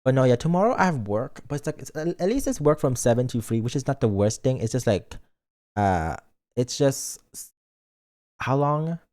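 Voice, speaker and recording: A man's voice: mid-range voice, big pitch swings, normal speed, a little mellow. A man streaming and chatting casually in a playful, rambling way, reading chat messages aloud. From lives in Britain, not British.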